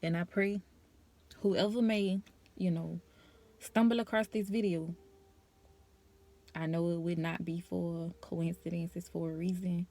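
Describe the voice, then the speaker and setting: A woman's voice: on the low side, fairly even intonation, measured pace, long pauses, warm tone. A young woman vlogger speaking her personal testimony to camera, nervous and emotional, in a casual conversational way.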